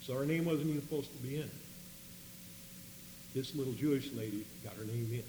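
A man telling a story in a sermon, swinging between loud emphatic bursts and quiet asides. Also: mid-range voice, fairly quick, long pauses. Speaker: preacher. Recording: long hall reverb with faint hum.

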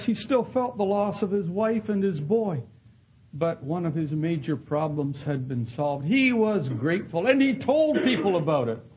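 A man's voice: sits high, highs cut off, a little hiss or hum. A man preaching a sermon in an earnest storytelling manner, acting out the people in his stories. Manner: earnest, acts out voices in quoted dialogue. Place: Canada.

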